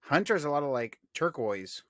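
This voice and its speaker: A man's voice: fairly high pitch, very animated, fairly quick, dry recording, studio quality. A man co-hosting a podcast, talking in an easygoing way and drawing out his phrases. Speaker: podcast co-host. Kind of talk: casual chat.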